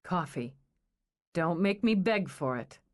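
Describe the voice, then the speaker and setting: A woman's voice: on the low side, lively intonation, slow. A woman reading aloud, voicing a blunt, dry-humored young woman. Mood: wry.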